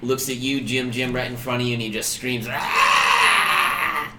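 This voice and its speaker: A man's voice: medium pitch, little pitch movement, a little fast, roomy sound, heavy background noise. A man narrating and explaining rules as dungeon master of a tabletop game. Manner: casual, explains rules at length.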